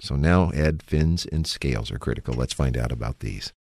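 Very deep-voiced male radio host. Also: moderate pace. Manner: steady, reads scripture aloud with emphasis. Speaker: radio Bible program host. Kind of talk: radio Bible study discussion.

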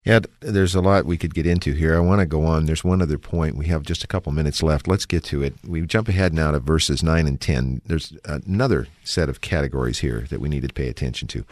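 Very deep-voiced male radio host. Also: brisk, few pauses, no echo, studio quality. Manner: steady, reads scripture aloud with emphasis. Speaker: radio Bible program host. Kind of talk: radio Bible study discussion.

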